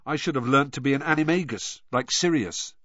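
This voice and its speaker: A man's voice: medium pitch, a little fast, a bit bright, no echo, lo-fi sound, voice pushed up, close to an everyday voice. A man voicing a tired teenage boy wizard who speaks wearily and wryly. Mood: weary. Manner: weary, wry.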